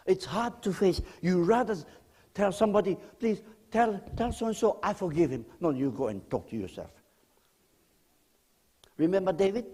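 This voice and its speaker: Animated preaching man, lively pitch. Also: slightly rough. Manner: animated preaching, swinging between loud emphasis and near-whispered lines; speaks directly to the congregation with questions. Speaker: guest pastor. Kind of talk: sermon. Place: church.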